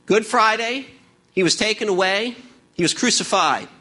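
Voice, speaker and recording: A man delivers a sermon in a high, forceful voice. He slows down to lean on each scripture phrase and keeps turning to the congregation with rhetorical questions. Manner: emphatic, drawn-out scripture reading. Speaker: preacher.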